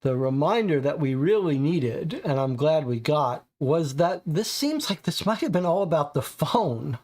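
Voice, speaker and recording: A man's voice: on the high side, expressive, measured pace, darkish tone. A man playing a detective board game, reading cards and reasoning through clues aloud.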